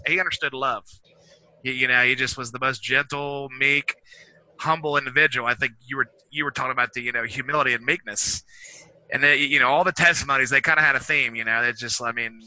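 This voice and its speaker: A man sharing his thoughts in a group discussion, halting and stammering with many fillers. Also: mid-range voice, pushed and bright, no echo, low-quality recording. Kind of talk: casual testimony sharing.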